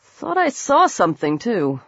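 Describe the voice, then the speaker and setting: A woman voicing an uneasy teenage boy with a headache, speaking low and hesitantly. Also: wildly swooping pitch, unhurried, vocal fry, a bit bright, husky, no room sound, muffled recording, exaggerated voice.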